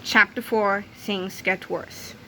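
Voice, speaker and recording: A woman reading a children's chapter book aloud in a lively storytelling manner. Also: mid-range voice, slow, a little hiss or hum. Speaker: read-aloud narrator.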